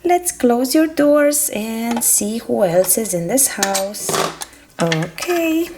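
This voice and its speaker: A woman's voice: on the high side, expressive, takes it slowly, background noise. A young woman narrating a toy farm play for children, sing-song and full of animal sounds.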